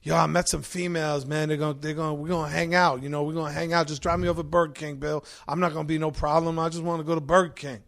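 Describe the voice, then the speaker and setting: A man's voice: a little high, flat delivery, fast talker, gravelly, hardly any pauses, fairly bright tone. A man putting on the voice of a drunk brother who whines and pleads. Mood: wheedling. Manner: whiny, pleading.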